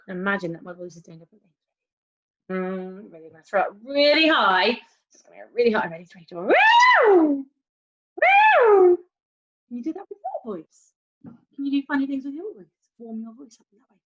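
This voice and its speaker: A primary school music teacher runs a playful online lesson for young children, whooping and whispering to make the sounds fun. Her medium-pitched voice moves quickly, animated and sing-song, and the home video audio is dull and lo-fi.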